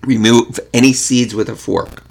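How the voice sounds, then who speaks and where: A man hosting a casual podcast, chatting in a relaxed way and reading a recipe aloud. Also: medium pitch, unhurried, creaky, breathy edge. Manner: relaxed, chatty, self-correcting. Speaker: podcast host.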